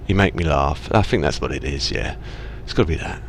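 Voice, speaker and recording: A man from England with an English accent and an extremely low voice speaks fairly quickly with lively intonation. A let's play gamer at his home driving-sim rig, he gives casual, self-mocking commentary while playing a truck driving game, talking back to the traffic.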